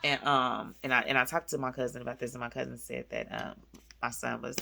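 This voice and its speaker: A woman, chatting with viewers at home in a casual faith-based vlog, animated and calling them y'all. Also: extremely low pitch, fairly quick, vocal fry, very noisy. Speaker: vlogger, mother. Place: at home, indoors.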